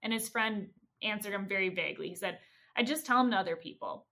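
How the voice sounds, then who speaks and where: A woman podcast host retelling a story in a casual, animated way, acting out the quoted lines. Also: mid-range voice, fast.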